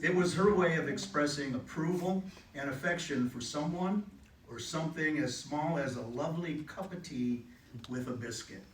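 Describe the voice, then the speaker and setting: A middle-aged man giving a eulogy for his mother, telling stories with gentle humor. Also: fairly high pitch, moderate pace, a little hiss or hum. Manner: heartfelt, gently humorous storytelling. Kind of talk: memorial eulogy. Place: funeral home chapel. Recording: echoey room, distant mic, faint ambience.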